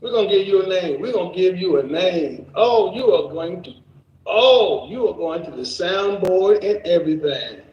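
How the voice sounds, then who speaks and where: A man's voice: high voice, lively intonation, normal speed, echoey room, dull audio. A man hosting a casual reaction stream, joking around, cursing and laughing often. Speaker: streamer host.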